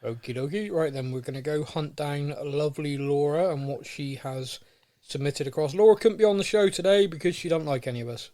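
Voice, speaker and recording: A young man hosting a podcast in a casual, playful chat, full of jokes and quick asides. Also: on the high side, warm tone, dry recording. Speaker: podcast host.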